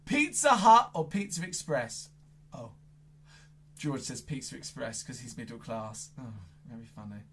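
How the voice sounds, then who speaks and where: A children's entertainer doing playful magic show patter, silly and exaggerated, jumping from loud squeals to hushed asides. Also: medium pitch, animated, measured pace, slight background noise.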